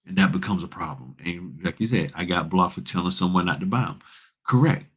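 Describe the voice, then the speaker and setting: A man's voice: sits low, a little fast, slightly rough. A man hosting a casual livestream, giving blunt, folksy advice and addressing viewers as y'all. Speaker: notary public and livestream host.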